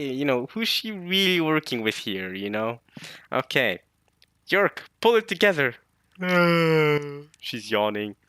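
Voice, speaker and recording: A man casually reading a manga chapter aloud and reacting to it, excited and thinking out loud. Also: fairly high pitch, no room sound, clean studio sound. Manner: excited, thinks aloud, reads lines in quick put-on voices.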